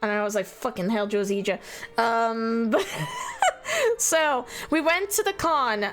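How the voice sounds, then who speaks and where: A woman's voice: on the high side, lively intonation, takes it slowly, fairly bright tone. A young adult woman streaming and chatting casually, rambling and giggling often while teary and emotional. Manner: giggly, rambling, self-deprecating.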